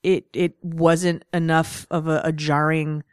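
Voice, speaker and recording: Low-voiced woman chatting about comics. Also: level tone, measured pace, clear, resonant tone, dry recording, studio quality. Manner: chatty, laughs often. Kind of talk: casual comic book review chat.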